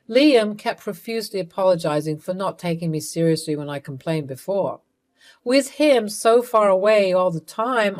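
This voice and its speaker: A woman narrating a first-person story in a measured, coolly resentful way. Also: on the low side.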